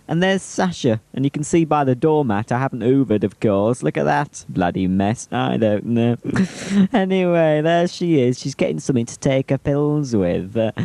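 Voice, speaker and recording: A cheeky man narrating home videos with teasing asides. His pitch is lively and jumps around, and the sound is dry and close. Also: dry recording. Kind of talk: humorous home-video voice-over commentary.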